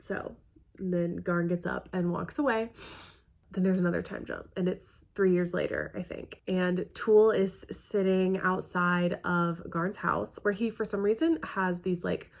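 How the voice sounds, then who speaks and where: A woman's voice: fairly low pitch, normal speed, creaky, a little mellow. A woman hosting a reaction video, casually recapping a film in a chatty, emotional way with trailing asides.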